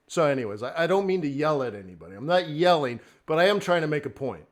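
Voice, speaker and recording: A man hosting a live trading stream, talking off the cuff and swinging between near-shouted rants and quiet asides. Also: on the high side, animated, fast, few pauses. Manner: acts out traders' inner voices in quotes. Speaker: livestream host, forex trading coach.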